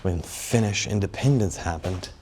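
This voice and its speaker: A young man filming a casual walking travel vlog, talking straight to viewers in a joking, excitable way with plenty of swearing, out of breath as he goes. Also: low voice, normal speed, a little hiss or hum. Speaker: travel vlogger. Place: outdoors and in stone tunnels of a sea fortress. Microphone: phone on a selfie stick.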